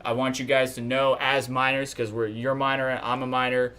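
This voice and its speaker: A man's voice: medium pitch, level tone, brisk, bright, forceful tone, clear, resonant tone. Chatty man hosting a live stream. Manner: chatty and blunt, complains openly. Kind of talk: casual live-stream news commentary.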